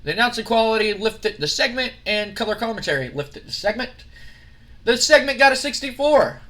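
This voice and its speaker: A man's voice: very high-pitched, animated, fairly quick, sharp tone. A man narrating a wrestling sim playthrough in an offhand, self-correcting way. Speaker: game commentator.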